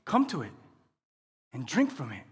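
A male pastor preaching a sermon in a church, asking the congregation questions and swinging between quiet teaching and loud, impassioned passages. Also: medium pitch, huge pitch swings, moderate pace, breathy edge. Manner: asks the congregation call-and-response questions. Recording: long hall reverb.

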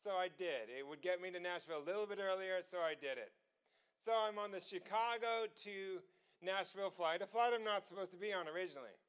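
High, smooth-voiced man preaching. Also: fairly quick. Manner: storytelling, laughs often, excitable. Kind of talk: testimony sermon.

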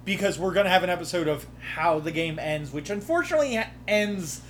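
Animated and quick, a man with a high, fairly bright voice talks on a podcast about the campaign he ran as game master. He rambles, keeps cutting himself off mid-sentence and swears casually, with slight background noise in the recording.

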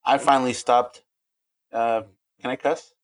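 Earnest man, halting and candid. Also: mid-range voice, flat delivery, no room sound. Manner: earnest, halting, with frequent restarts. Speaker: podcast guest. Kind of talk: candid interview talk.

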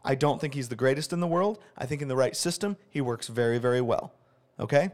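A man co-hosting a podcast who talks in an animated, exasperated way, ranting his opinions in casual chat. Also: medium pitch, fairly quick. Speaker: podcast co-host.

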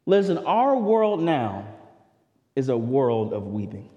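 A male pastor preaching a sermon in a conversational way, swinging from loud declarations down to a near hush. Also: mid-range voice, takes it slowly, big-room sound. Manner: animated preaching, swells loud then drops to near hush; conversational asides, repeats words as he goes. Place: church sanctuary.

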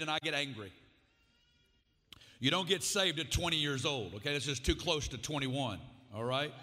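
A man in his forties with a strong Arkansas drawl tells his testimony as a guest preacher, full of folksy asides. His voice is bright and forceful. It rings with the long reverb of a large hall. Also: on the high side. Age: 40s. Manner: folksy storytelling with frequent asides. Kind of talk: sermon testimony.

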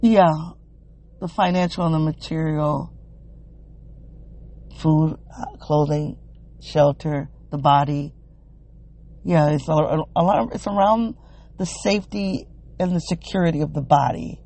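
Woman talking to her podcast listeners, warm mellow voice with some fry, halting, stops and restarts a lot. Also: sits low. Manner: thinking aloud, halting and searching, emotionally open. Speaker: wellness podcast host. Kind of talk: reflective solo podcast monologue.

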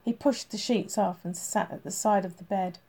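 A woman narrates an audiobook in steady, even storytelling. Her voice is gravelly with a mellow, warm tone. The telling moves along without fuss. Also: mid-range voice, normal speed.

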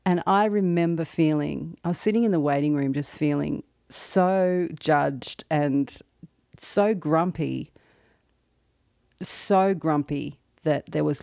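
A woman talks through a personal story in an earnest, reflective monologue. Her voice has a gravelly, fried texture, and it sits in a dry, close sound with no room around it. She often pauses and restarts as she gathers her thoughts. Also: low-pitched, dark tone, dry recording. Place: lives in the American South.

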